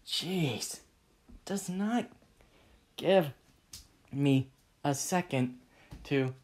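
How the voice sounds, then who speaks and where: A storyteller voicing a shy but determined teenage boy who speaks hesitantly and gets flustered. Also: very slow. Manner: quiet and hesitant, then high and flustered.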